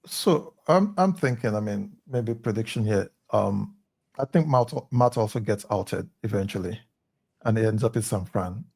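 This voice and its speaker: A man co-hosting a casual podcast chat, halting and restarting his sentences. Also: fairly low pitch, vocal fry, darkish tone, slightly rough. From Nigeria. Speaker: podcast co-host.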